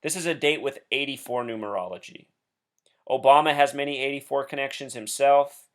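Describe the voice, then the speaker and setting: A man of ordinary pitch delivers a solo commentary straight to his viewers. He speaks intensely and with emphasis, leaning on each point as he goes. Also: fairly quick. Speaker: blogger and video host.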